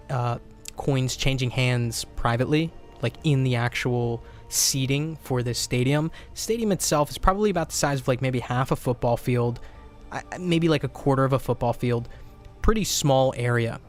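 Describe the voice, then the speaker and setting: A man running a tabletop game as game master, describing fights and calling for dice rolls in a relaxed way with fillers. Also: medium pitch.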